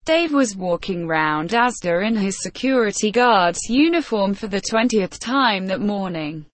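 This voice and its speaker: Woman narrating a graded reader, slow pace, dry close recording. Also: mid-range voice, animated, dry recording. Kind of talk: scripted narration.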